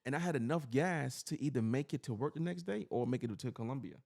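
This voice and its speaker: A man's voice: mid-range voice, lively intonation, fast, gravelly, darkish tone. A man from New York City, a podcast host, telling a personal story in casual chat, earnest and rambling with lots of "you know.".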